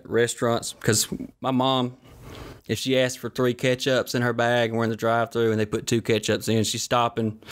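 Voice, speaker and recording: With a creaky, medium-pitched voice, a man runs his own podcast as a casual solo storyteller. He's sweaty and flushed, rambling through profane anecdotes peppered with joking asides.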